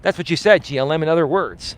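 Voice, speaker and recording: A man's voice: fairly high pitch, quick pace. Passionate man streaming on a walk outdoors. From Greek heritage. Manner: passionate, emphatic, argumentative. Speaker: life coach live streamer. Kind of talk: walking live stream, reading chat aloud. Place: outdoors on an urban street, walking.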